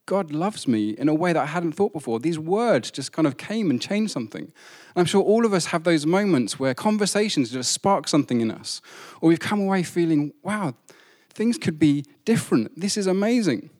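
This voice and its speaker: A man's voice: a little high, big pitch swings, a little fast, darkish tone. A man, preaching a sermon in a conversational, self-deprecating way.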